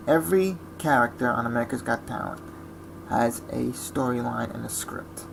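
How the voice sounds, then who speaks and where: A man's voice: mid-range voice, moderate pace, gravelly, background noise. A man ranting in a blunt, scornful vlog monologue. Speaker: vlogger.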